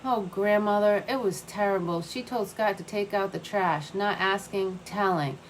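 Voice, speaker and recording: An anxious young woman pleads with her grandmother in a high, upset voice, as a woman reading a story puts her on. Her words sound guilty and shaken. A faint room hum sits behind her. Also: moderate pace, close to an everyday voice, rough recording. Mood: distressed. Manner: higher, pleading tone.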